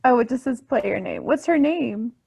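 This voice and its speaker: A woman's voice: on the high side, animated, moderate pace, gravelly, darkish tone, breathy edge. A woman playing a tabletop game, unsure and apologetic about her character. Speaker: player. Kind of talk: casual tabletop game play.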